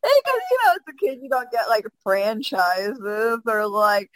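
A woman from the American South speaks with a Southern accent in loose, joking conversation. Her voice sits a little high and swings widely in pitch. The sound is close and dry, with no room around it. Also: no room sound. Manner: animated, joking, quick asides. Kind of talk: casual chat.

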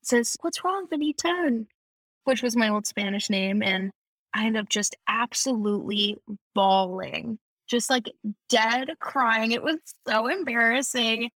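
A young woman chatting as a podcast guest, telling animated, quick stories with a laugh. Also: fairly high pitch, no echo. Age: young adult. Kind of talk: casual chat.

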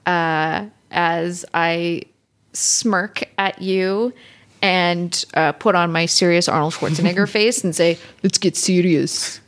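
Brief: woman co-host, slightly low voice, playful and giggly, narrating her turns in a role-play game. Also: fairly even intonation, slow pace, a bit bright. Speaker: co-host and player.

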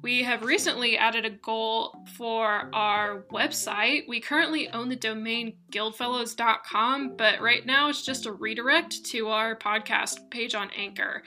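A woman's voice: fairly high pitch, fairly even intonation, unhurried, hardly any pauses, pushed and bright. A woman game master and podcast host, talking chattily with many fillers. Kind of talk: casual chat and read announcements.

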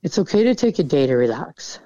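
A woman's voice: low voice, big pitch swings, brisk, dark tone, no echo. A woman military veteran talking candidly in an interview, casual and frank, swearing freely. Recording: dull, dry sound.

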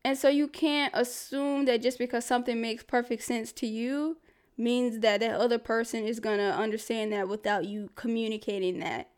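A woman hosts a casual solo podcast, chatting candidly about life advice with frequent fillers, laughs and asides. Her voice is fairly high, fairly even in intonation, at normal speed, a little mellow and smooth.

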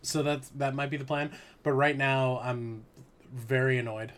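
A man at a middle pitch co-hosting a relaxed podcast, with easy banter and plenty of swearing. He breaks into exaggerated announcer voices for laughs. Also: unhurried, a crowd in the background. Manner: joking, swearing, does goofy announcer voices. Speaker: podcast co-host. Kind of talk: casual chat.

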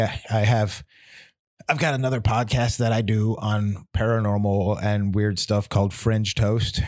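A man in his thirties hosting a podcast, talking through a personal reflection in a candid, halting way, often restarting and repeating words. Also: lowish voice, a little mellow, no room sound, clean studio sound. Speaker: podcast host.

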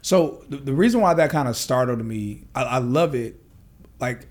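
Host guy, casual interview, gets excited and rambles, lots of likes. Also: mid-range voice, moderate pace. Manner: enthusiastic, rambling, many "like" fillers.

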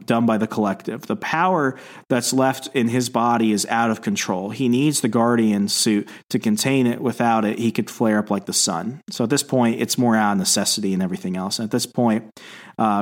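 Man, casual, podcast co-host, retelling a comic, plain quoted lines, easy laughs. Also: medium pitch. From Canada.

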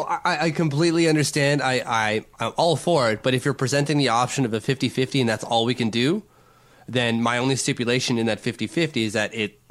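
A man's voice: medium pitch, a bit bright. A man co-hosting a casual sports podcast, rambling and restarting his sentences often. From not from Long Island. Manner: rambling, self-correcting, stammers on restarts. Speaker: podcast co-host.

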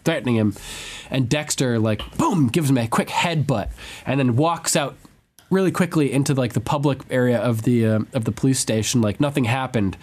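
A man's voice: medium pitch, moderate pace. Chatty man retelling TV scenes. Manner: animated storyteller who acts out quotes, laughs often. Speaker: podcast co-host. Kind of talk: casual chat.

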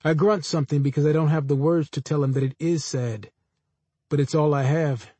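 A man reading first-person literary fiction aloud in a measured, understated way. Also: a little high, steady tone, mellow, slightly rough, dry recording. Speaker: audiobook narrator.

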